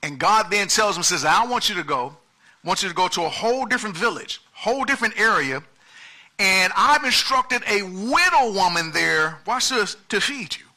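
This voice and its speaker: Male pastor, high and bright voice, dynamic preaching that jumps between hushed and loud. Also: normal speed. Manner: animated preaching, swings from soft asides to loud emphasis. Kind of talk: sermon.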